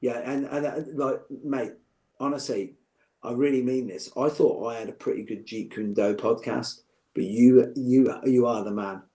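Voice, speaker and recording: A man's voice: medium pitch, steady tone, moderate pace, warm tone. A middle-aged man, chatting as a podcast guest, joking and heartfelt by turns. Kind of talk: casual chat.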